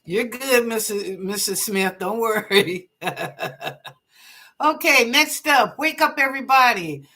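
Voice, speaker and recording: Bright-voiced woman giving psychic readings. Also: on the high side, slow pace. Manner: chatty and warm-hearted, laughs easily, blesses callers; reads chat questions aloud then interprets them. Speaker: psychic reader and show host. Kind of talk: live online psychic readings.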